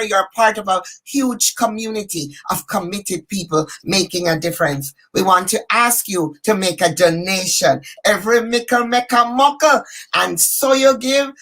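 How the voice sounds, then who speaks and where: A woman host gives closing announcements for a community event. She sounds upbeat, with a slightly high voice. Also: a bit bright, poor audio.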